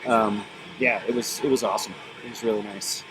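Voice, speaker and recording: A man being interviewed as a band member, talking in a relaxed, casual way with many ums and uhs. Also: lowish voice, a little fast, low-quality recording. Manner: relaxed, filler-heavy, thinking aloud. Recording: loud music in the background.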